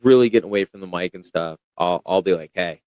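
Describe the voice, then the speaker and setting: A man's voice: deep voice, fast, no echo. Casual rambling young man, dry sound. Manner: rambling, animated storytelling with many fillers. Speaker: guest podcaster. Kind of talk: casual chat.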